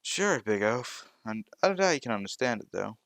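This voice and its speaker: A man's voice: mid-range voice, big pitch swings, normal speed, creaky, a bit bright, dry recording, clean studio sound. A man voicing a boastful, teasing teenage boy scientist in a fan-made audio story. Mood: cocky. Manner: cocky, teasing.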